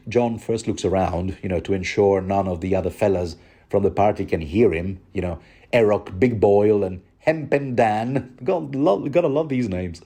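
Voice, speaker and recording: A man's voice: lowish voice, darkish tone. A man giving a rambling, joking commentary on a book chapter, often stumbling and restarting.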